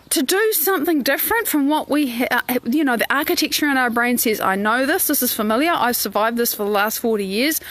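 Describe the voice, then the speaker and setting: Lively high-voiced woman coach, dry sound. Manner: expressive, acts out quoted inner voices, greets viewers. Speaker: life coach. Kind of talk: live-streamed coaching talk. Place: outdoors in the sun.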